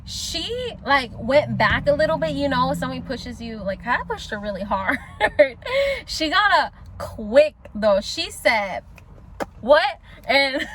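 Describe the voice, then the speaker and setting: A woman with a high voice and a swooping, lively pitch tells a personal story in a casual vlog. She talks in slang, acts out her own past lines and laughs often. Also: slight background noise. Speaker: vlogger telling a personal story.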